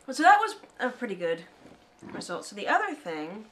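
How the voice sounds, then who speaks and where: A woman from the United States co-hosting a casual chat, playful and chatty and quick to laugh. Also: medium pitch, wildly swooping pitch, fairly bright tone, slight background noise. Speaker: co-host.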